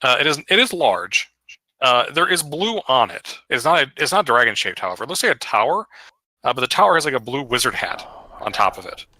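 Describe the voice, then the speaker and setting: Over voice chat on a headset or desk mic, a man narrates a tabletop game as dungeon master, sounding casual and hesitant with plenty of fillers. His mid-range voice swings widely in pitch and moves fairly quickly, with a pushed, bright tone. There's no echo, but the recording is low quality.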